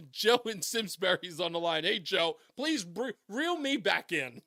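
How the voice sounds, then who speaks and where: Male talk radio host, high bright voice, chatty storyteller who laughs a lot, dry booth sound. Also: lively intonation, takes it slowly, no echo.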